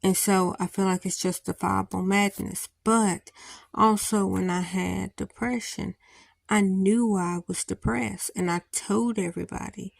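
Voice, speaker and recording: A woman's voice: mid-range voice, level tone, takes it slowly, vocal fry, no echo, studio quality. A woman vlogger talking through her feelings in a rambling, thinking-aloud way with many restarts. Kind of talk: personal reflective talk to camera.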